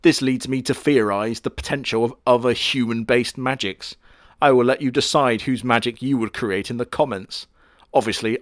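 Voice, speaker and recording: A man's voice: medium pitch, steady tone, normal speed, dry recording, clean studio sound. A man giving crude, sarcastic comedic commentary on an anime, full of mocking asides. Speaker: anime reviewer.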